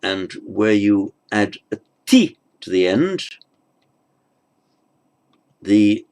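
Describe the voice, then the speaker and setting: Slow, gravelly-voiced man teaching grammar. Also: fairly low pitch, sing-song, darkish tone. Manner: halting, thinks aloud with fillers and restarts; mutters asides under his breath. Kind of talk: online grammar lesson. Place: at a desk with a tablet.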